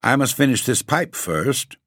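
A man's voice: mid-range voice, expressive, measured pace, fairly bright tone, dry recording, studio quality, pitched above the performer's own voice. A man doing a blunt, stubborn baron. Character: weary male baron, moody nobleman given to sudden laughter.

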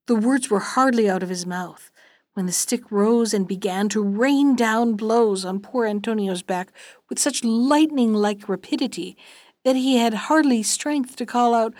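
A woman hosting a storytelling show, reading a fairy tale aloud in a gentle, even way and closing with listener notes. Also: fairly high pitch, normal speed, dry recording. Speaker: storyteller and podcast host.

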